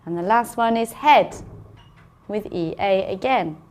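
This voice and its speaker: Slow, careful phonics teacher, woman. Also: medium pitch, darkish tone. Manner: slow, careful enunciation of sounds. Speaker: English teacher. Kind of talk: phonics lesson.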